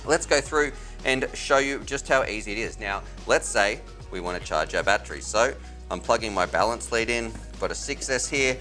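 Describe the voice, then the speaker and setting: A man's voice: medium pitch, lively intonation, moderate pace, bright, forceful tone, soft background music. A man hosting a casual product review, chatty and enthusiastic with informal slang. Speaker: tech reviewer and channel host.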